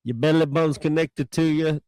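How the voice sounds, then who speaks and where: A man's voice: fairly high pitch, fairly even intonation, moderate pace, warm tone, smooth, dry recording. A man co-hosting a podcast, adding short amused comments to a casual conversation. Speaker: podcast co-host. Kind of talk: casual chat.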